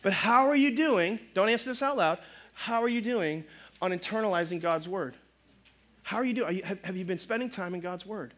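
A middle-aged male pastor preaching a sermon in an animated, humorous way, calling out for amens. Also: sits high, brisk.

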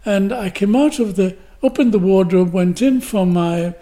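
Born in Glasgow, Scotland, this older man is a guest actor sharing stories and performing the quotes within them. He speaks at a normal speed in a high-pitched, mellow voice.

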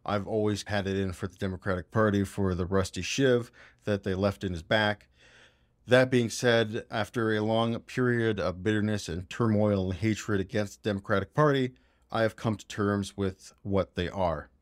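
A man's voice: lowish voice, fairly even intonation, normal speed, no echo, studio quality. A man hosting a podcast, giving casual, blunt and opinionated political commentary. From Canada. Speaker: podcast host.

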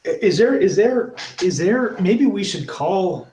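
A man's voice: high-pitched, lively intonation, takes it slowly, darkish tone. A man playing a tabletop game, talking tentatively and correcting himself. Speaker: player. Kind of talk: casual tabletop play. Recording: echoey room mic.

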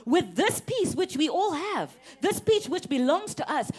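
A young woman preaching a sermon, animated and emphatic, laughing often and repeating words for effect. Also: sits high, normal speed, hardly any pauses.

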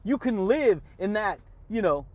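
A man hosting a motivational podcast, talking excitably in a preachy, repetitive pep-talk manner and laughing often between catchphrases. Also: high-pitched, a little slow, no echo. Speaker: podcast host.

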